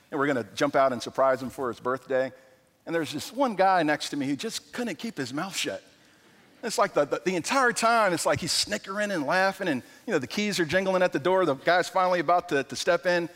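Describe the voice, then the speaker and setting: A man preaching a sermon as pastor, animated and acting out quoted dialogue, often repeating words as he goes. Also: high voice, long reverb tail. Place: church sanctuary.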